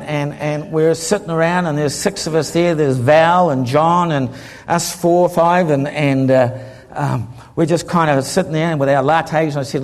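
A man preaching, telling a humorous story and acting out the people in it in a lively way. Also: fairly high pitch, normal speed. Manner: lively, humorous, acts out the people in his stories. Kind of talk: sermon storytelling.

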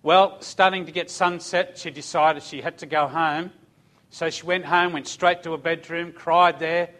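A man's voice: a little high, fairly even intonation, a little slow, fairly bright tone. An older man giving a religious testimony, telling his story in an earnest, conversational way.

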